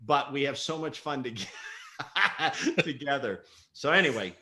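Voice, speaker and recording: Animated storytelling man, bright voice. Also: medium pitch, a little slow. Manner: animated storyteller, laughs often, acts out quotes. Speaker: guest, mental performance coach. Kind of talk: casual livestream interview.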